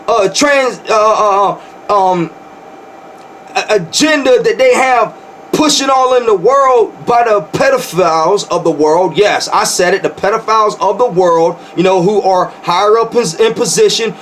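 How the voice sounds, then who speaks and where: A man's voice: high voice, a bit bright, slight background noise. A man preaching informally as a pastor, fervent and rambling, often repeating words when he gets worked up. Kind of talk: informal preaching to an online audience.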